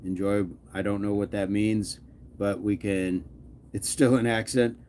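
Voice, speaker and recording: Playful, low-voiced fitness stream host. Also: male voice, steady tone, measured pace, warm tone, a little hiss or hum. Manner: playful, jokey, hypes up the chat. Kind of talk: casual live-stream chat with viewers.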